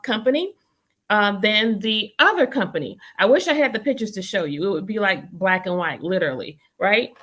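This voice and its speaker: Emphatic woman council member. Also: mid-range voice. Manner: emphatic and animated, repeats phrases for effect. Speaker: city council member hosting her own show. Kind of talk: casual political commentary.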